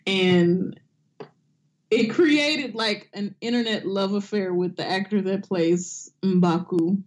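A woman co-hosting a casual comedic podcast, swearing freely and acting out quotes in exaggerated voices. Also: mid-range voice. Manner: animated, swearing, acts out quotes in big voices. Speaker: podcast co-host.

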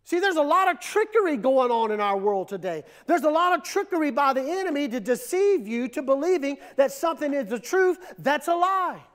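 Male pastor, very high voice, emphatic repetitive sermon delivery. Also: animated, normal speed, few pauses, a bit bright. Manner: emphatic, repetitive preaching with dramatic drops and surges.

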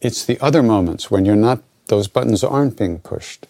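Older American male teacher, gravelly low voice, loose rambling delivery, dry close recording. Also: normal speed, dry recording. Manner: relaxed, conversational, self-interrupting. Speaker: spiritual teacher answering questions. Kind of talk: informal spoken Q&A teaching.

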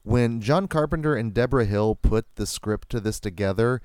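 Man, mid-pitched, wry and rambling, playful teasing, dry close sound. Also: moderate pace, darkish tone, dry recording. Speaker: podcast co-host. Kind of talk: casual movie commentary chat.

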